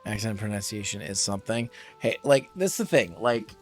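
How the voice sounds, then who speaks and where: A man's voice: on the low side, expressive, normal speed, soft background music. A young adult man streaming a game, chatting casually and rambling with many fillers.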